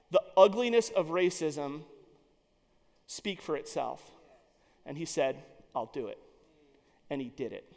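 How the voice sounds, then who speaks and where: Man, storytelling speech, animated and emphatic, high voice, long hall echo. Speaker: speaker.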